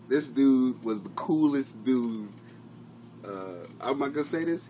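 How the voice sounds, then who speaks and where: There's a faint hiss or hum as a middle-aged man with a lowish, slightly mellow voice chats casually on his comedy podcast. He hosts it from his home basement, and the live-stream talk is profane, rambling and self-mocking.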